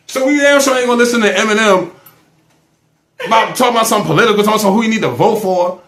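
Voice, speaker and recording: A man, a guest in a casual interview, talking in an animated, joking way and repeating his phrases. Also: sits high, fast talker, echoey room.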